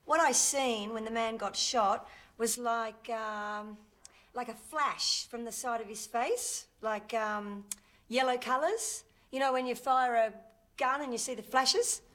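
A hesitant witness. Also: female voice, fairly high pitch, takes it slowly, a bit bright. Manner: hesitant, many fillers. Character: young female witness, vague and hesitant. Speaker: witness in a murder case. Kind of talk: film drama.

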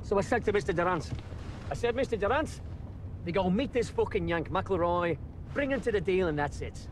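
An actor playing a foul-mouthed, boastful English gangster with an English accent, ranting in a moving car. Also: male voice, high voice, lively intonation, a little fast, slight background noise. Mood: scornful. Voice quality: profane, boastful, mocking. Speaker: film character.

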